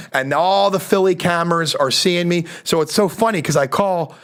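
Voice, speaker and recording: A man's voice: on the high side, normal speed, hardly any pauses, clean tone. A man telling a comedic story in casual podcast chat, swearing freely and acting out the people in it. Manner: animated, swears freely, acts out quoted people.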